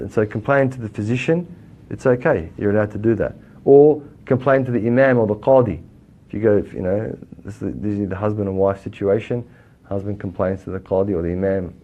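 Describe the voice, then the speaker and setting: A man with an Australian accent teaching a religious lesson, lively and full of rhetorical questions, rising loud then dropping quiet. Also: on the low side. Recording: dull lo-fi recording.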